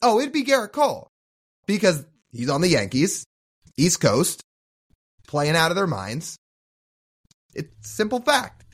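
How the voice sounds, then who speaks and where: Animated male co-host, sarcastic and playful, voice swinging widely in pitch. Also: a little slow, pauses often, slightly rough. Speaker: podcast co-host. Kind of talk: casual sports chat.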